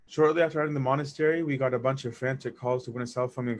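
A man casually telling a personal story, animated, acting out dialogue and laughing as he goes. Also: mid-range voice, very fast, few pauses. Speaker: storyteller recounting memories of a monk.

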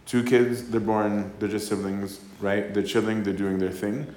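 A man preaches in an easy, chatty way, reading scripture aloud and then unpacking it in everyday words. His voice sits a little low. The room around him is echoey. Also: little pitch movement, unhurried, darkish tone. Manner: conversational, tags lines with "right?", acts out voices. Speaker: priest giving a talk. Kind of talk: casual sermon with scripture reading.

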